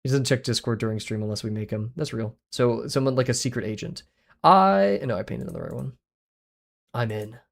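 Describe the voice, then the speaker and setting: A man talks loosely to his stream chat as he paints, rambling and quick to poke fun at himself. His voice carries a gravelly fry. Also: medium pitch, lively intonation. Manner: chatty, rambling, self-deprecating. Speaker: livestreaming artist. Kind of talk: casual livestream chat while drawing.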